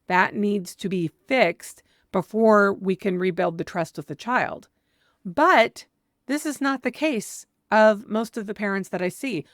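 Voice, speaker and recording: A woman's voice: medium pitch, a little slow, no echo, clean studio sound. A woman parenting coach giving earnest, direct advice, sometimes acting out what a parent might say with emphasis. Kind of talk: advice monologue.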